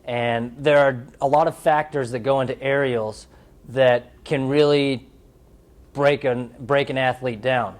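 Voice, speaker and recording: Relaxed young man telling sports stories. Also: medium pitch, a little slow. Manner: relaxed, candid storytelling with playful bits. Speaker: athlete interviewee. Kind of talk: casual interview talk.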